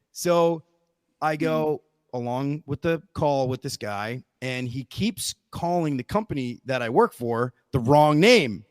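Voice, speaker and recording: A man with a slightly high voice tells a long sales story on a casual podcast, rambling, animated and full of restarts. The sound is dry and close, with no room echo. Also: measured pace. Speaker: guest storyteller.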